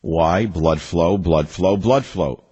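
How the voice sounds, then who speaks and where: A man's voice: low-pitched, takes it slowly, warm tone, slightly rough, dull audio. An older man hosting a political talk radio show, reading an ad and then ranting in a combative, mocking way.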